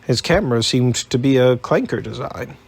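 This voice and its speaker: A man narrating an audiobook in a steady, even storytelling manner. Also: mid-range voice, moderate pace, vocal fry, slightly rough.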